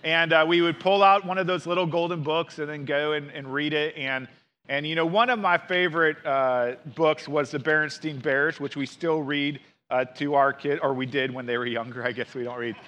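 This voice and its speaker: A man's voice: on the high side, steady tone, normal speed, a bit bright. A male pastor giving a sermon in a conversational, storytelling way, with asides to the congregation.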